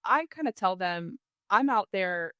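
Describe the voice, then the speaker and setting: A woman, a podcast guest telling a hunting story in a casual, animated way. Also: mid-range voice, measured pace, clear, resonant tone, no room sound.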